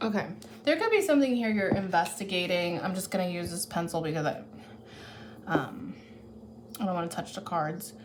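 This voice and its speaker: A woman's voice: fairly low pitch, lively intonation, normal speed, noisy background. A woman giving a casual tarot reading who thinks aloud and corrects herself as she goes, caffeinated. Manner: chatty, thinks aloud, restarts and self-corrects. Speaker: tarot reader.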